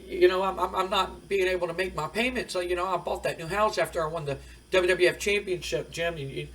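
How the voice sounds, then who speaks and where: A man's voice: sits high, fairly even intonation, fairly quick, sharp tone, distant mic, pitched above the performer's own voice, poor audio. A man voicing a broke former champion wrestler who stammers and pleads through tears. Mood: whiny stammering. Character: whimpering broke male ex-champion wrestler begging.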